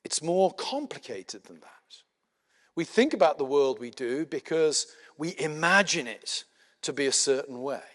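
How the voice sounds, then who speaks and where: A man's voice: a little high, big pitch swings, fairly bright tone. Middle-aged man lecturing in a reverberant hall. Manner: measured and explanatory, with frequent filler words and dry asides. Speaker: conference lecturer. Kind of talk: spoken lecture. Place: lecture room at a conference.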